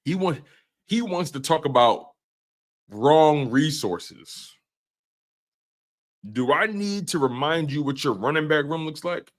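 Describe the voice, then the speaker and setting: A man's voice: on the high side, expressive, slow, pauses often. A man hosting a live sports stream, breaking down team news and ranting heatedly at rival fans. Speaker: sports show host.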